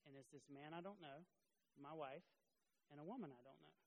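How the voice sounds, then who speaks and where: A middle-aged man giving a sermon as a pastor, earnest, moving between loud emphasis and quiet confession. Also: fairly high pitch, a little fast, creaky, slight background noise, rough recording.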